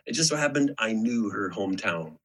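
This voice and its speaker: A man's voice: on the low side, lively intonation, fairly quick, a bit bright, husky, rough recording. A middle-aged man from Alberta, Canada, hosting a podcast and telling rambling anecdotes in casual chat. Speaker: podcast host.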